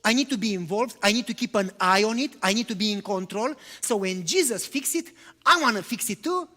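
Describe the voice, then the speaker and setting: A man's voice: high-pitched, animated, brisk, pushed and bright. Male pastor, conversational sermon, rhetorical questions, non-native phrasing, long hall reverb.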